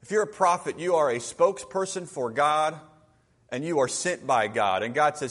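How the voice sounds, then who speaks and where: A man's voice: on the high side, lively intonation, normal speed, a bit bright. A man preaching a conversational sermon, often asking his listeners questions.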